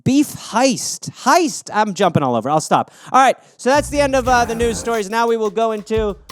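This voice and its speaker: Rambling, foul-mouthed comedy podcast host. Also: male voice, extremely high pitch, very animated, normal speed, dry recording. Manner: rambling, acts out silly voices, swears a lot. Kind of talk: solo comedic riffing on listener suggestions.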